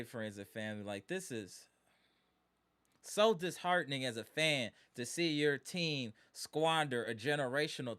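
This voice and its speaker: A man's voice: medium pitch, sharp tone, clean tone. A man hosting a live sports stream, ranting in exasperation as a disappointed fan and repeating his points. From Wisconsin.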